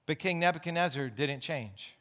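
A man's voice: a little high, lively intonation, moderate pace, fairly bright tone. A man pastor preaching a sermon in an earnest, explaining way, with asides and restarts.

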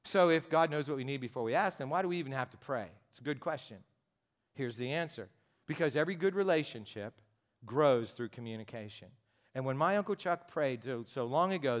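A man's voice: medium pitch, animated, fast. A pastor preaching a sermon in a direct, conversational way, driving his points home with emphatic repetition. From United States.

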